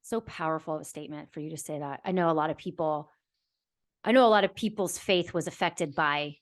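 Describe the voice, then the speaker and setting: A young adult woman hosting a podcast, talking in an earnest, reflective way that often drifts softer. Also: low voice, brisk. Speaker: podcast host. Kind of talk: heartfelt conversational podcast chat.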